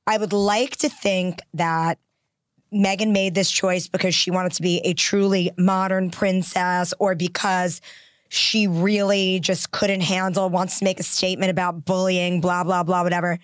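A woman's voice: lowish voice, flat delivery, a little slow, no echo, studio quality. A woman co-hosting a casual podcast, giving emphatic, opinionated takes. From half English by family. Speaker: podcast co-host. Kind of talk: casual chat.

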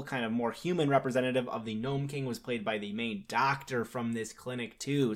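A man co-hosting a podcast, casually recapping a film's plot with lots of fillers. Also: medium pitch. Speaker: podcast co-host. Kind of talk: casual film discussion.

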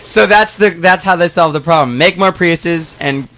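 A young man co-hosting a casual talk show, rambling and halting with many restarts. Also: a little high, sharp tone. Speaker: co-host. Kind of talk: casual chat.

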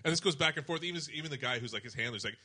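A young man co-hosting a casual podcast, telling stories with lively acted-out quotes and frequent laughter. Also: on the high side, very fast, breathy edge. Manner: animated storyteller, acts out quotes with laughter. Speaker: podcast co-host. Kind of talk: casual chat.

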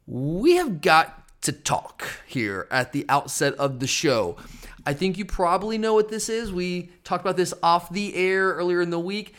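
A man's voice: high voice, sing-song, measured pace. A man hosting a casual sports betting podcast, teasing his co-host and rambling with frequent restarts.

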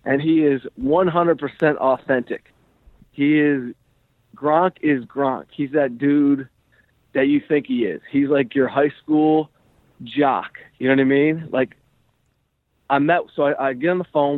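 A male comedian and podcast host telling a story in a rambling, animated way, full of "like" and "you know". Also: mid-range voice, no echo. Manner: rambling, animated, heavy use of "like". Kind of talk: casual storytelling chat. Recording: dry tinny phone-like sound.

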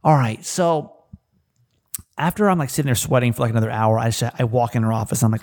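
Gravelly man telling a rambling story. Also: medium pitch, fairly quick, darkish tone. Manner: rambling, many fillers and restarts. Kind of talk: casual storytelling.

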